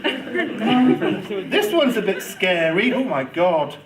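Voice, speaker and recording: A man giving a lively, theatrical talk to a student audience on children's reading, playing for laughs. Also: high voice, unhurried, a crowd in the background, low-quality recording. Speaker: guest speaker on children's reading. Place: lecture room with audience.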